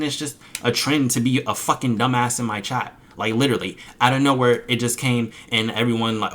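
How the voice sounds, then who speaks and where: A young male streamer vents to the camera, angry and profane about his chat, mocking them in quoted voices. His mid-range voice is fairly bright, and he talks briskly with few pauses.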